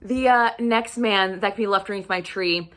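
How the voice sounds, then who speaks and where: A woman's voice: medium pitch, normal speed, fairly bright tone. Gushing, profane woman book vlogger. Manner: gushing, profane, swoons into breathy whispers. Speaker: book reviewer. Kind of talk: casual book recommendation vlog.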